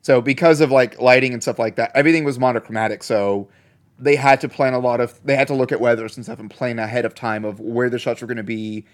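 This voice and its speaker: A man's voice: mid-range voice, fairly even intonation, fast talker. A man co-hosting a casual movie review chat, rambling and joking, often trailing off mid-sentence. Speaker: podcast co-host.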